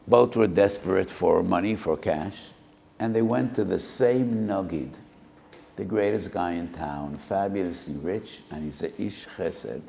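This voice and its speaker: Gravelly older rabbi telling a parable. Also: male voice, sits low, lively intonation, measured pace, dark tone, slight background noise. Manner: storytelling with Hebrew phrases, acting out both sides of a dialogue. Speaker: rabbi giving a Torah lecture. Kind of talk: sermon with a parable. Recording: roomy hall with long reverb.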